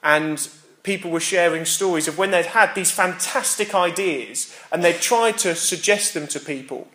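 A man preaching an Easter sermon as pastor, earnest and repetitive, dropping quiet for emphasis. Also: high-pitched, normal speed, reverberant.

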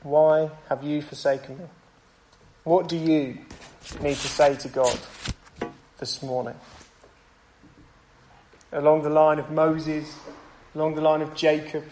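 Earnest pastor preaching. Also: male voice, a little high, flat delivery, darkish tone, rough recording. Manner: earnest, conversational preaching with pauses and restarts. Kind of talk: sermon. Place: church.

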